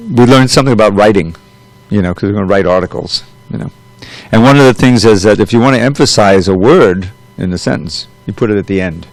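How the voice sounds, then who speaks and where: A man's voice: on the low side, creaky, dry recording, poor audio. A man reading a scripture commentary aloud and then lecturing on it in a loose, conversational way, with frequent asides. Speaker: temple class speaker.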